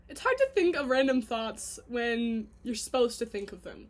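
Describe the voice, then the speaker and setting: A woman's voice: fairly high pitch, sing-song, moderate pace, hardly any pauses, darkish tone. A woman rambling in a casual video diary, chatty and scattered, humming to herself between thoughts. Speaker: vlogger.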